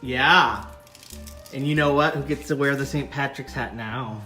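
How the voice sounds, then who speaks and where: A middle-aged man casually vlogging as he cooks in a home kitchen and gently coaches his young daughter with a knife, chatty and jokey. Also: medium pitch, a little slow. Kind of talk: casual cooking ASMR vlog. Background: music and kitchen clatter of knives and pots.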